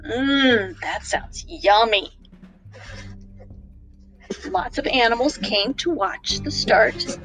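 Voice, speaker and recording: A woman reading a children's storybook aloud, playful and expressive. She speaks slowly, her voice rising and falling widely on a fairly high pitch. Soft music plays faintly behind her. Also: rough recording.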